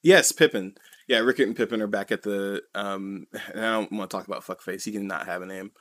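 A man's voice: fairly low pitch, a little fast, fairly bright tone. Rambling, filler-heavy man on a podcast. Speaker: podcast co-host. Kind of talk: casual chat recapping a comic.

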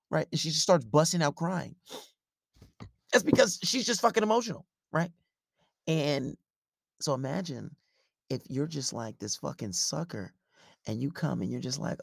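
A man's voice: a little high, lively intonation, moderate pace, creaky, dry recording, clean studio sound. A man hosting a podcast, delivering a dating-advice monologue in a preachy, emphatic, profane way, repeating his points. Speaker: podcast host.

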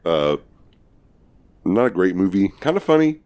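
A man with a strikingly low, deep voice talks casually on a podcast. He is loose, jokey and swears freely. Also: big pitch swings, measured pace, a little mellow, clean tone. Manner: joking, loose and profane. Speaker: podcast co-host. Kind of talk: casual chat.

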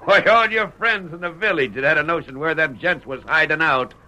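An actor playing a crude, mocking frontier scout who talks in folksy Western slang. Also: male voice, a little high, brisk, sharp tone. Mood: jeering.

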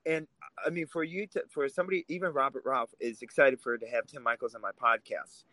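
A man's voice: mid-range voice, fairly even intonation, fairly quick, sharp tone, no room sound, low-quality recording. A man co-hosts a political podcast in a heated, emphatic way, and he swears when riled. His voice sits mid-range and comes across close and dry, with no room sound around it. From Russia. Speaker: podcast co-host.

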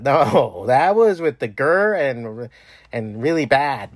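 A man's voice: medium pitch, lively intonation, a little slow, no echo. A man hosting a podcast from home, talking in a loose, profane, rambling way with many restarts. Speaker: podcast host. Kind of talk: casual rambling monologue.

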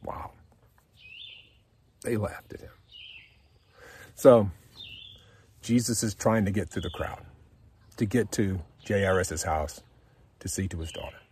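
A man's voice: deep voice, slow, long pauses, darkish tone, breathy edge. An American man giving a casual devotional talk on his podcast, earnest and encouraging, reading scripture and explaining it in his own words. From United States. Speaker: podcast host, devotional speaker.

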